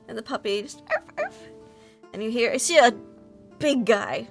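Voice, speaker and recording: Woman game master, rambling and casual, high-ish voice, faint guitar music. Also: measured pace. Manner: loose, rambling with many fillers. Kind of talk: narrating a tabletop game.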